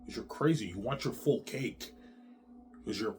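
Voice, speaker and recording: A man's voice: medium pitch, expressive, moderate pace. A man talking on his own in a long, rambling, repetitive monologue, with heavy swearing and slang. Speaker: vlogger.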